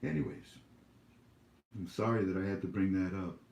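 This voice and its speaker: A man's voice: deep voice, fairly even intonation, moderate pace, darkish tone, echoey room, muffled recording. A man hosting his own YouTube channel, talking casually to viewers from home in a scolding, preachy way, rambling with many fillers.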